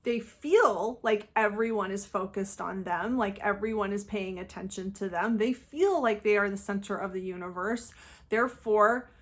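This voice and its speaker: A woman's voice: mid-range voice, moderate pace. A woman hosting a channel, giving an earnest, emphatic solo talk that explains things step by step. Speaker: host of a channel about narcissism.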